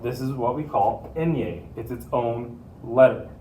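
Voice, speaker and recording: A man's voice: mid-range voice, measured pace, warm tone, distant mic, slight background noise. Patient male teacher in an echoey room. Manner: patient, repeats key points. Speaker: Spanish teacher. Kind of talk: classroom lesson to students.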